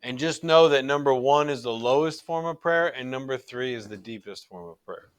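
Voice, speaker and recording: A man's voice: medium pitch, moderate pace, clean tone, dry recording. A middle-aged man teaching a recorded religion class in an earnest, conversational way, often restarting his sentences.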